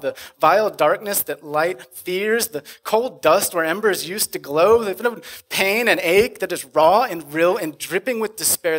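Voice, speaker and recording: A man on a conference stage performing spoken-word poetry, rhythmic and dramatic, swinging from loud bursts to hushed lines. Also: on the high side. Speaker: conference speaker.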